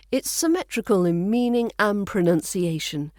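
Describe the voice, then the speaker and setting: A woman with a southern English RP accent teaching pronunciation, repeating each model word slowly and carefully. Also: mid-range voice, lively intonation, warm tone, no echo, studio quality. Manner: slow, deliberate, repeats model words. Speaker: accent coach. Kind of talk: pronunciation lesson.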